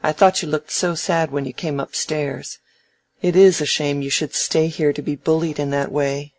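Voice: medium pitch, steady tone, moderate pace, no echo, natural voice. A reader voicing an idle, proud young man in a novel, talking brashly and emphatically. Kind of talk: audiobook dialogue reading.

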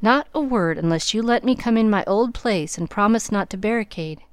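A woman's voice: mid-range voice, lively intonation, moderate pace, clear, resonant tone, no room sound, close to an everyday voice. A woman voicing a playful, mischievous young man with a mock-serious manner in an audiobook reading.

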